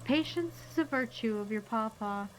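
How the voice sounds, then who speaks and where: A woman reading aloud as an unsettling old man who rambles about guidance and faith in a slow, solemn way. The voice sits a bit high, with a faint hiss of noise behind it. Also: expressive, close to an everyday voice, poor audio. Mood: ominous. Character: creepy old man, preachy and cryptic.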